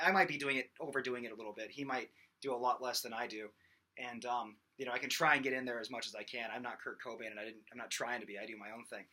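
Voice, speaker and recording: A young man teaching singing in a loose, rambling way, full of fillers. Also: mid-range voice. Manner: rambling, many fillers, breaks into loud sung demos. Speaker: vocal instructor. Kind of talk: casual singing lesson.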